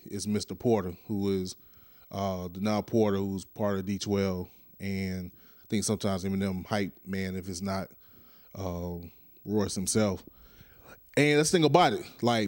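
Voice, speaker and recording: A man's voice: fairly low pitch, darkish tone, no room sound, studio quality. A young man hosting his own podcast in a loose, rambling way, joking with himself and his listeners. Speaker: podcast host. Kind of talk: casual solo podcast monologue.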